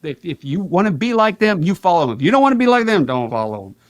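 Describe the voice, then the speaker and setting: A man talking energetically as a podcast guest, fast and animated, with big swings in his voice. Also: sits high. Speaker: podcast guest, payments educator. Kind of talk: energetic conversational interview.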